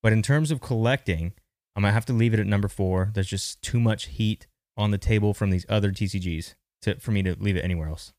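Male podcast host, lowish voice, dry close mic, casual rambling commentary. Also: a little fast, darkish tone, no room sound. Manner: chatty, thinking aloud with restarts.

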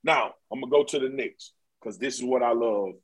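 A man's voice: mid-range voice, a little fast, breathy edge, rough recording. A man talking basketball in a casual, slangy, emphatic way on a podcast. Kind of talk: casual sports chat.

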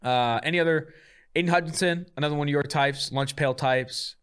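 Fast-talking man on a sports podcast. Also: on the high side, clear, resonant tone. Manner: fast, animated, swears casually. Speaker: podcast co-host. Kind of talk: casual sports chat.

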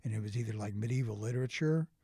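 A middle-aged man in casual conversation, telling stories with lively restarts and acted-out quotes. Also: medium pitch, racing, breathy edge, no room sound, studio quality. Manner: animated storyteller, frequent restarts and acted quotes. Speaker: interview guest.

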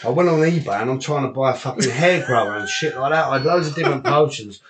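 A man, speaking at a middling pitch, tells rough boxing stories in a loose, chatty interview. He swears freely and laughs as he goes. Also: fast, crowd noise. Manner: swears often, laughs through anecdotes. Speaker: guest, unlicensed boxer and promoter. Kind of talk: casual storytelling interview.

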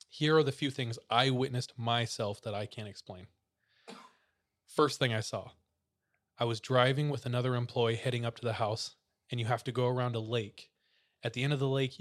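A man casually retelling a creepy story, full of fillers. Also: medium pitch. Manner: relaxed storyteller, many "like" fillers.

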